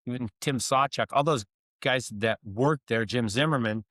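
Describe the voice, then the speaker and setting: A middle-aged man co-hosts a casual podcast and reminisces in an easygoing, relaxed way. His voice sits in a middle pitch, and the sound is dry and close. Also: moderate pace, dry recording. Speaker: podcast co-host.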